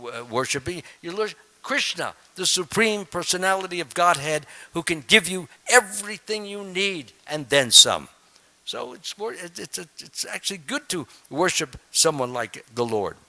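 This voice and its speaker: Older male preacher, earnest sermon delivery, slightly high, bright tone, halting with fillers. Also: rough recording. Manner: earnest, repeats words, many uh fillers, light chuckles. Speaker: swami giving a Sunday feast lecture.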